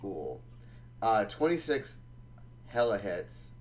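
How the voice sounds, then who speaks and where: A man running a tabletop game as dungeon master, narrating combat in a relaxed, halting way. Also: on the low side, crowd noise.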